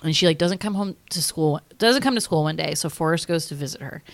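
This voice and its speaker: A woman's voice: low-pitched, a little fast, vocal fry. A young woman co-hosting a podcast, rambling through a film discussion with lots of "like" and casual swearing. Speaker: podcast co-host.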